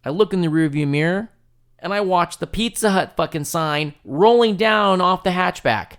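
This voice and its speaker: A man hosting a podcast, telling a story in a casual, profane, animated way and laughing often. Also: sits high, normal speed, smooth. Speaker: podcast host.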